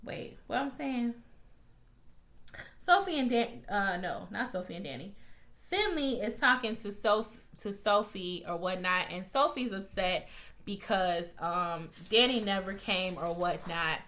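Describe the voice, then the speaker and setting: An animated woman with a medium-pitched, fairly bright voice recaps a TV episode at an unhurried pace. She talks casually and bluntly, swearing a lot, stumbling through fillers and restarts, and her voice rises sharply when she gets riled up.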